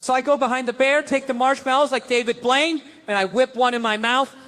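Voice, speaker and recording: A man performing a stand-up comedy routine on stage, telling a story with animated energy and acting out the voices of the people in it. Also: very high-pitched, a little fast.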